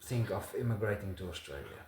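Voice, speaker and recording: A man from South Africa hosting a casual interview, asking halting, hesitant questions. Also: lowish voice, lively intonation, a little mellow, echoey room, a little hiss or hum. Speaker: host.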